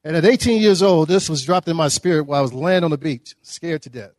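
A middle-aged man with a drawl gives a motivational talk and spins humorous stories with animated energy. His voice sits a little high for a man, and the sound is close and dry with no room echo. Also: quick pace. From Dallas, Texas. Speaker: guest speaker. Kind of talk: motivational storytelling speech. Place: breakfast event hall.

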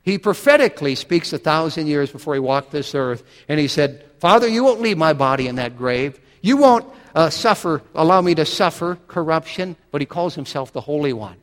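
A man's voice: on the high side, animated, brisk, hardly any pauses, in a large hall. A man preaching a sermon, reading scripture aloud and building to dramatic, emphatic swells.

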